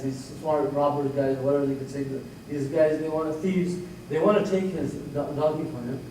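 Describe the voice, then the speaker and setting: A man teaches a Quran class in a mellow, fairly high voice. He explains Arabic words and recites verses quickly. He is recorded from a distance in a very echoey room with faint noise behind him.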